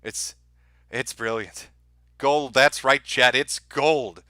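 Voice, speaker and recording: A man runs a livestream rant with a sharp, forceful edge to his voice. He swears freely and his tone stays mocking, and he laughs at his own bits as he works through viewer chats. The sound is dry and close. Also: mid-range voice, steady tone, takes it slowly, no room sound. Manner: sarcastic, profane, laughing at his own jokes. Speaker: livestream host.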